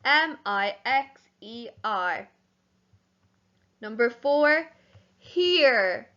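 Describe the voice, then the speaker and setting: A woman primary school teacher giving a home learning lesson, spelling words out slowly letter by letter. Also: on the high side, lively intonation, a bit bright, lo-fi sound.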